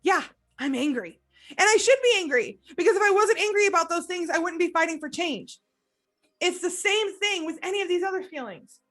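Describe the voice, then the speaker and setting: A woman hosting a podcast, speaking as a recovery coach in a gentle, reflective monologue and asking questions for the listener to consider. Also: very high voice, expressive, fairly quick.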